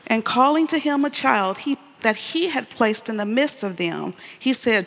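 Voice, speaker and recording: Woman preaching, earnest, calls for amens, highish voice, big hall ringing behind her. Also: animated, moderate pace, creaky, hardly any pauses, fairly bright tone. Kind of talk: sermon-style testimony. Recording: long hall reverb.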